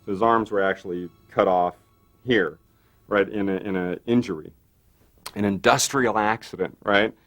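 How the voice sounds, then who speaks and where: Animated man telling a production story. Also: lowish voice, moderate pace. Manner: animated storyteller, acts out quotes with many fillers. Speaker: makeup effects artist. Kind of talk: anecdotal interview. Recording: light music underneath.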